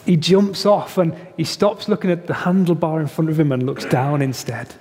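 A man preaching a sermon, telling the story in an animated way and acting out the voices in it. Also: a little high, moderate pace, slight background noise. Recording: long reverb of a hall.

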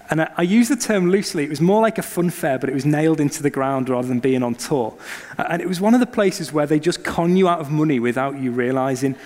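High-voiced preacher in a reverberant hall. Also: male voice. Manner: storytelling, animated when acting out scenes. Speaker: pastor. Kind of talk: sermon with personal story.

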